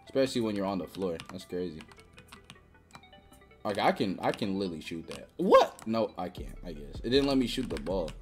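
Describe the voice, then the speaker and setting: A young woman giving live gameplay commentary, trash-talking with sudden excited yelps and shouts. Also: a bass voice, brisk, faint music behind. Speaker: gaming channel host.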